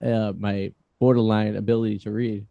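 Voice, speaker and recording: A man's voice: lowish voice, little pitch movement, moderate pace, vocal fry, phone-quality sound, noisy background. A man with a Boston accent hosting a casual podcast interview, cracking self-mocking jokes. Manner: joking, self-mocking banter. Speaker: podcast host.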